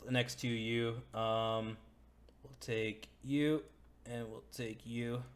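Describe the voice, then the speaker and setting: A game master voicing a brisk, no-nonsense female hippogriff handler giving matter-of-fact instructions. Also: mid-range voice, steady tone, natural voice.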